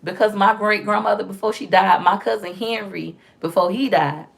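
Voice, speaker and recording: A young woman vlogger chatting casually to camera, telling animated stories full of slang and asides. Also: mid-range voice, normal speed, vocal fry.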